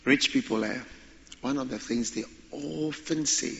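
A man preaching a sermon, animated and repeating phrases for emphasis. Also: mid-range voice, fairly quick, vocal fry, highs cut off, slight background noise.

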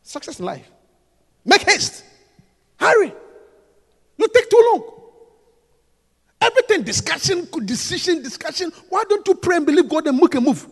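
A man preaching a sermon, emphatic and repetitive, swinging between hushed lines and shouts. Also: very high-pitched, very animated, normal speed, long pauses, long reverb tail.

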